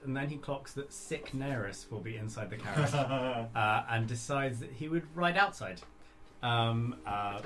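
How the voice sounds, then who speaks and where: A man playing a tabletop game, chatty and rambling with fillers. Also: mid-range voice. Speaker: player. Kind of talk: casual tabletop role-play chat.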